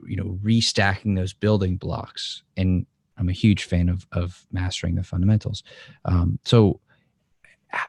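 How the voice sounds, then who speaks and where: Low-voiced encouraging male host. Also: a little mellow, no room sound. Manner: encouraging, rambling questions with restarts. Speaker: podcast host. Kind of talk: interview questions.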